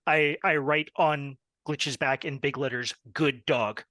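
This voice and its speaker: Bright-voiced, eager male player. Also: a little high, steady tone, unhurried, dry recording. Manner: eager, openly delighted. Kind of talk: casual game chat.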